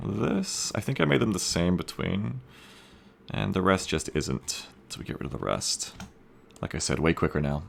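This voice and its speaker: A man with a low, gravelly voice live-streams himself coding a game mod. Relaxed and self-mocking, he chats casually, swears freely, and reads viewers' comments out loud.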